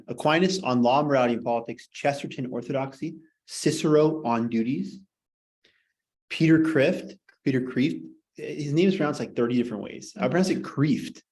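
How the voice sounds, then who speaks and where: A man's voice: medium pitch, darkish tone, poor audio. Rambling, joking male teacher. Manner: rambling, joking, heavy on fillers. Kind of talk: casual classroom lecture.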